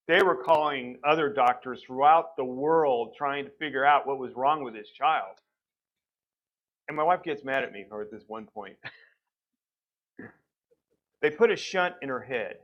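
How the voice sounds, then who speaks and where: A man's voice: medium pitch, dull audio. Man giving a church testimony. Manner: conversational storytelling, acts out quoted doctors. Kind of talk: personal testimony from the pulpit. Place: church sanctuary.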